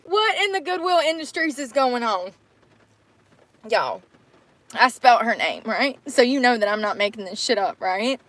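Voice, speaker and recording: A young woman with a drawl talks casually, reacting to news with loud laughter and blunt swearing. Her voice sits a little high and sounds bright, with a crisp, forward edge. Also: expressive, moderate pace, no room sound.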